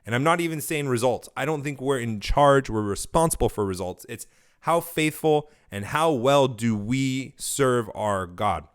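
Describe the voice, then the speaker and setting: A man's voice: medium pitch, unhurried, clean tone. Chatty man with a dry throat. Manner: rambling, self-correcting, conversational. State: recovering from a cold, dry throat. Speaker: podcast host. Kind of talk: casual solo podcast commentary.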